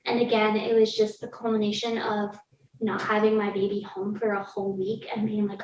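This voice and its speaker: A woman's voice: mid-range voice, level tone, fairly quick, slight background noise. A woman guest on a podcast telling a personal story in a candid, casual way, peppered with "like" and the odd laugh. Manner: candid, lots of "like", laughs through hard moments. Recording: roomy, distant, dull sound with faint ambience.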